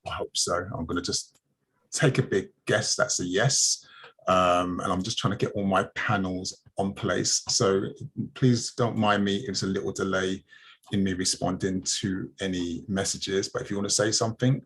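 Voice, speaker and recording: A man's voice: sits low, steady tone, normal speed, fairly bright tone, husky. A man hosting a community news livestream, chatting casually and telling stories with plenty of fillers and restarts. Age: adult, married.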